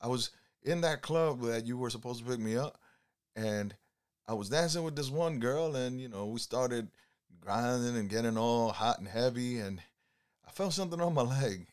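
A man's voice: medium pitch, animated, normal speed, clean tone, close to an everyday voice. A man voicing a tipsy, embarrassed young male passenger who rambles through his story. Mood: sheepish.

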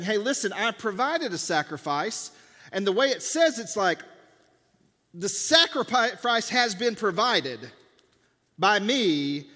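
A man with a high voice preaches a sermon in a church sanctuary. He talks to the congregation casually and plays out the dialogue of scripture scenes. His voice rings with the long reverb of a church hall. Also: bright, forceful tone. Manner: conversational preaching, acts out biblical dialogue. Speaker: pastor.

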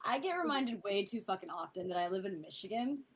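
A woman's voice: medium pitch, expressive, fairly quick, slightly rough. A woman from Boston chatting bluntly, with lots of swearing. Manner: blunt, loud, profane. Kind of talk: casual chat.

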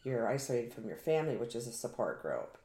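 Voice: medium pitch, very animated, quick pace, darkish tone. An interview host offering reflective, sympathetic comments to a guest. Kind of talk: sit-down interview. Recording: roomy, echoey room.

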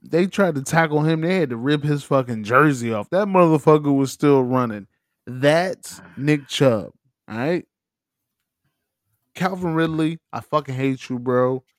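A man's voice: on the high side, a little slow, no echo, clean studio sound. A man co-hosting a casual sports podcast, joking and trash-talking with heavy swearing. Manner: boastful, joking trash talk. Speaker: podcast co-host.

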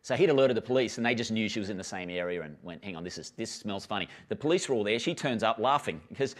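A man's voice: lowish voice, fast, few pauses. A man preaching a sermon in a church, telling stories with acted-out dialogue and inviting the congregation to join in. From Australia. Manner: animated storytelling, acts out dialogue, laughs easily. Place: church hall with live congregation and online stream.

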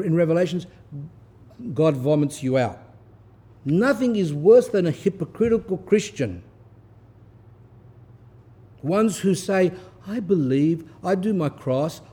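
A preaching man with a dark, mellow voice that sits a little high. He reads a stern text with force and breaks off to explain it in plain asides. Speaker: Orthodox priest giving a talk. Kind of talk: sermon reading a text with commentary.

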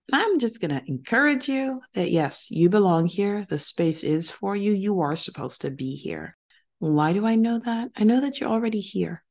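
A woman's voice: on the low side, lively intonation, moderate pace, a little mellow. A middle-aged woman hosting a podcast, talking earnestly and encouragingly and repeating her key phrases. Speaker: podcast host. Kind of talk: motivational podcast monologue.

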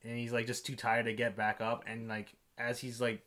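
A man's voice: medium pitch, completely flat delivery, moderate pace, a bit bright. A man co-hosting a podcast, reviewing a film in casual chat, rambling with lots of fillers. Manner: rambling, filler-heavy, laughs easily. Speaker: podcast co-host.

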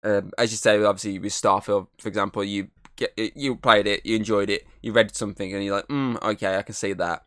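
A man's voice: lowish voice, steady tone, a little fast, few pauses, a bit bright, dry recording, clean studio sound. A man hosting a casual podcast chat, rambling on, swearing often and laughing easily. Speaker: podcast host. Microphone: headset.

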